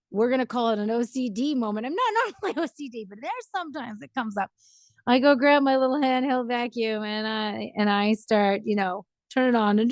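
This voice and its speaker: A woman's voice: on the high side, no room sound, clean studio sound. A middle-aged woman giving casual relationship advice in a rambling, chatty way, often checking in with "right?".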